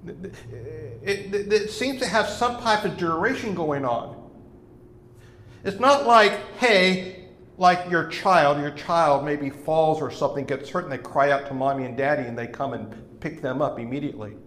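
A man's voice: fairly high pitch, expressive, unhurried, fairly bright tone, reverberant. A man preaching a sermon in an earnest way, leaning hard on key words as he explains a psalm. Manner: earnest, rising to emphatic stress on key words. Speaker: pastor.

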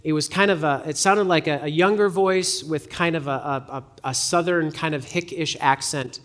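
Bright-voiced man preaching a sermon. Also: on the high side, moderate pace. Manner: conversational, repeats words as he restarts. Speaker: pastor. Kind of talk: sermon with personal anecdote.

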